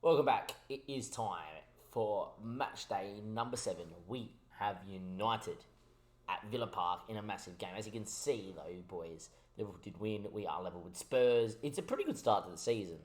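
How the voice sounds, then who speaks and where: A man giving casual commentary on his football management game, a little tipsy from wine, switching between excitable mock match calls and chatty asides. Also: lowish voice, moderate pace.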